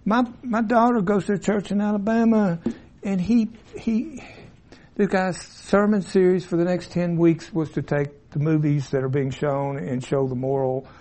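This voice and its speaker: Male teacher, slightly raised pitch, folksy classroom lecturer prone to tangents. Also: steady tone, moderate pace, warm tone. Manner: rambling, folksy, asides and self-interruptions. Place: classroom with a board. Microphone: room mic, at times turned away.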